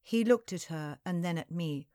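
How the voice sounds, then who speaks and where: A woman narrating a historical novel in the first person, in slow, measured storytelling. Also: fairly low pitch, mellow, no echo, clean studio sound.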